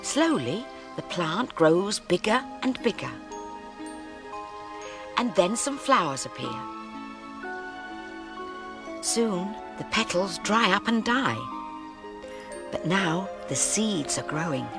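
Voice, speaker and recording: Woman reading a kids story slow and gentle, swoopy sing-song voice, bit of creak. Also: mid-range voice, sing-song, over music. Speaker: children's TV presenter. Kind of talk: storytelling to young children.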